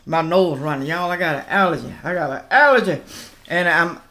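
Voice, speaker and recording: A woman giving a casual reaction commentary, talking straight to her viewers in an animated, ranting way and laughing between remarks. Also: fairly low pitch, brisk. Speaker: political reaction vlogger.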